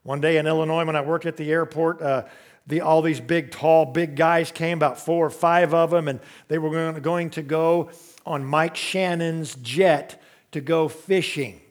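A man's voice: fairly high pitch, steady tone, normal speed. A man preaching a sermon in a conversational, humorous storytelling way, full of asides and questions to the congregation.

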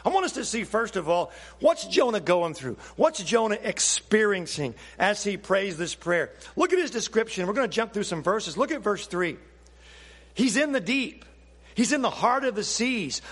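Male pastor, sermon, high voice, animated, asks the crowd questions, long reverb of a church hall. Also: normal speed. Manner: animated, questioning the audience, acts out quotes.

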